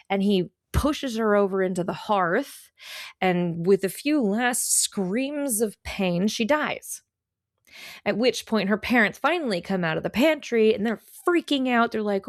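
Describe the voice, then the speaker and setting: A woman's voice: mid-range voice, unhurried, no room sound, studio quality. Chatty irreverent woman storyteller. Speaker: podcast co-host. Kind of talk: casual storytelling.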